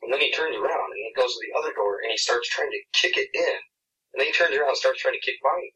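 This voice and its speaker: A man's voice: medium pitch, lively intonation, fast talker, sharp tone, distant mic, poor audio. A man on a podcast telling a long story in a casual, rambling way, full of "like" and laughs. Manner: rambling, laughing, lots of "like" and "I'm like". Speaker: podcast co-host.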